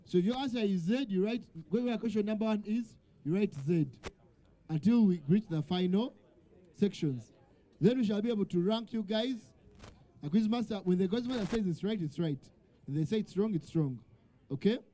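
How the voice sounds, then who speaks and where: A man's voice: sits high, expressive, moderate pace, mellow. A man hosting a live quiz night, calling out to the crowd and joking with the teams. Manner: calls out to the crowd and jokes with teams. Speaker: event host. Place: event venue with a crowd.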